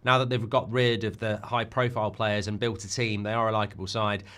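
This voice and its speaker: The host, a middle-aged man, speaks fairly quickly in a fairly low voice during a live football watchalong. He gets excited and rambles, repeatedly restarting and repeating his words.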